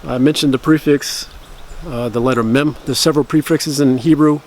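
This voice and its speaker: With fairly even intonation and a mid-range voice, a man chats to camera about language learning over slight background noise. His explanations run long and self-correct, and he rehearses phrases slowly and with care.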